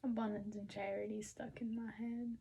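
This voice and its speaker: A woman's voice: medium pitch, little pitch movement, normal speed, gravelly, dark tone, slight background noise. A young woman sitting as a makeup model, cracking teasing jokes in casual chat. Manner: teasing, wisecracking.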